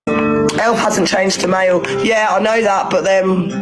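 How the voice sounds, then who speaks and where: A man's voice: high voice, unhurried, low-quality recording. A man on a rival livestream ranting and swearing defiantly in a heated argument. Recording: stream audio with music behind.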